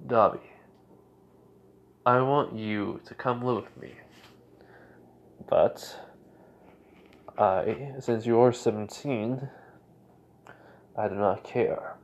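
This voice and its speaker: A man voicing an immortal fourteen-year-old boy hero who talks in a slow, measured, quietly threatening way. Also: fairly low pitch, lo-fi sound. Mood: earnest.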